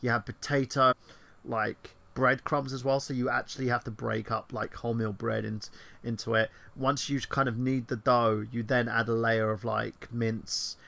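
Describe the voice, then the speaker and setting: A man co-hosting a casual online chat show, rambling excitedly and swearing freely. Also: medium pitch, normal speed, gravelly. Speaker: podcast co-host.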